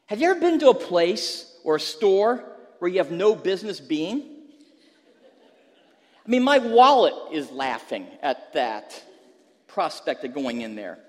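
A man's voice: high voice, very animated, measured pace, long pauses, in a large hall. A male pastor preaching a sermon, telling a humorous story and then pressing an emphatic question to the listeners.

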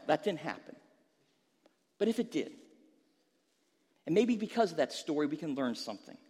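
A man's voice: high voice, big-room sound. A male pastor preaching a sermon, telling a humorous story and then pressing an emphatic question to the listeners.

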